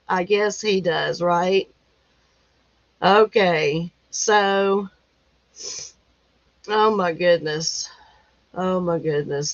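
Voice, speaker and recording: A woman's voice: mid-range voice, dry recording, highs cut off. A woman hosting a casual livestream, reading news headlines aloud with lots of laughter and folksy exclamations. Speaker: livestream host. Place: rural home.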